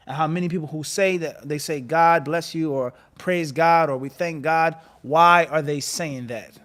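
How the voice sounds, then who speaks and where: A man giving an animated religious lecture and firing rhetorical questions at his listeners. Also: on the high side. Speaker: Islamic teacher.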